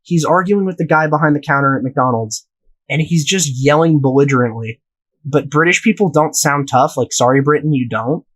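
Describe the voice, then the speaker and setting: A man's voice: a little high, normal speed, a bit bright, husky, rough recording. A young man from the United States telling a rambling, profane story in casual podcast chat. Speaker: podcast host.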